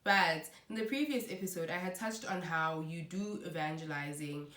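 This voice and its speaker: Woman talking faith to camera, lowish voice, lots of "you know", echoey room. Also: moderate pace, fairly bright tone. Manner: earnest, conversational, many "you know" fillers. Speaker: Christian vlogger. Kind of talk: casual faith talk to camera.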